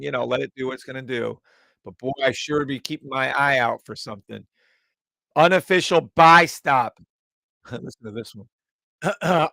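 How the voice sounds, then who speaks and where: A man's voice: medium pitch, creaky, a bit bright, no echo. A man hosting a live trading stream, chatting to viewers and humming la-da-da tunes between chart calls. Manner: hums la-da-da tunes while reading charts; chatty, addresses viewers directly.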